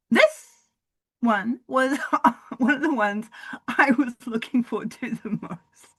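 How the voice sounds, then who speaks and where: A woman hosting a solo wrestling review podcast, excitable and profane, swinging from loud bursts to low mutters, her voice going hoarse. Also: no echo. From Southern Hemisphere. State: losing her voice. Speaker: podcast host.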